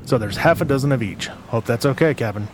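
A man's voice: mid-range voice, fast talker, background noise, natural voice. A man voicing a dim, earnest seaman who explains himself in an apologetic, plodding way.

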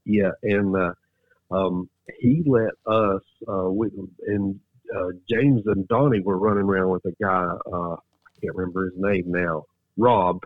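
A man's voice: low voice, fairly even intonation, measured pace, no room sound. A male guest chatting casually, hesitant and full of ums as he recalls stories. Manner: hesitant, many ums and uhs. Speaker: guest, wrestler. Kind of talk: casual chat. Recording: tinny phone line.

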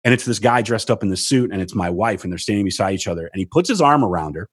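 A fast-talking man with a husky voice, a storyteller guest, recounts a long anecdote in casual chat, recorded in clean studio sound with no room sound. He's animated throughout, swearing freely and acting out quotes with big pitch swings.

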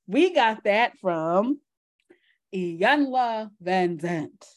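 A woman with a Southern US accent co-hosts a podcast, reminiscing in easygoing, casual chat and laughing often. Her medium-pitched voice has lively intonation, and she speaks very slowly.

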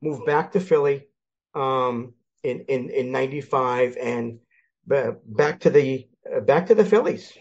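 An older man from Philadelphia, a guest in a casual sports chat, telling lively stories and acting out the people in them. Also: medium pitch, measured pace. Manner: animated storyteller, acts out quoted voices. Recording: dull lo-fi audio.

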